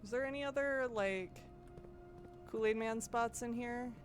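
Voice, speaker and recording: A woman's voice: fairly high pitch, a little slow, soft background music. A woman from the American Midwest doing live gameplay commentary as a streamer, musing aloud, giggling and chatting with viewers.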